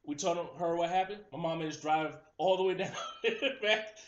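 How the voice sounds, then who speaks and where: A young man in casual chat, telling a story in an animated way and acting out the people in it. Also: fairly high pitch, moderate pace, reverberant, lo-fi sound. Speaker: host.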